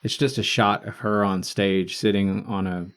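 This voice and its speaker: A man's voice: fairly low pitch, steady tone, normal speed, clear, resonant tone. A man co-hosting a podcast, chatting casually and rambling about music with laid-back fillers. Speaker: podcast co-host. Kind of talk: casual chat, album review.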